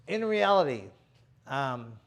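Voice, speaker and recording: A middle-aged man, a boxer hosting a show, telling stories in a casual, animated, slangy way and acting out what people said. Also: on the high side, slow pace, gravelly. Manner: animated, slangy, acts out quotes. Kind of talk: casual storytelling chat.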